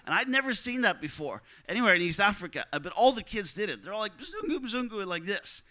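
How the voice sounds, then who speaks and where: A man tells a personal mission testimony, vividly acting out the quoted dialogue of the people in it. His high voice is animated, fast, bright and forceful, and the recording is rough.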